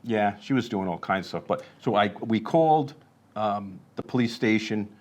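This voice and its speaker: A man's voice: fairly low pitch, moderate pace. A man, co-hosting a casual podcast and telling stories from his real estate work in a conversational way. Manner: conversational, storytelling with asides.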